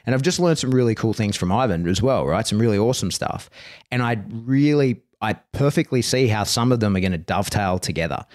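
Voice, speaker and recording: A man's voice: on the low side, animated, brisk, darkish tone. A man hosting a podcast about dog training, chatting casually and rambling, peppering his talk with "right?" and "like" and the odd swear word.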